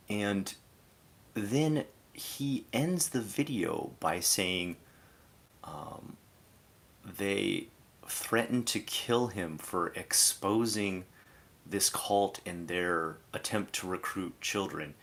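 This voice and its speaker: A man's voice: low-pitched, extremely slow, gravelly, pauses often, fairly bright tone. A man streaming live, giving a casual, exasperated commentary rant that is full of "like" fillers.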